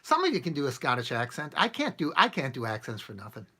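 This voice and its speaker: A man's voice: mid-range voice, wildly swooping pitch, fast talker, sharp tone, husky. A man hosting a casual live stream, rambling and chuckling as he answers comments from his viewers. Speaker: channel host answering live chat.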